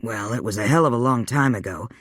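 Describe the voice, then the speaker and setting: A man voicing a weary, wry male vampire, speaking low and subdued in a dry audiobook reading. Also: fast, a bit bright, slightly rough, no echo. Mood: rueful.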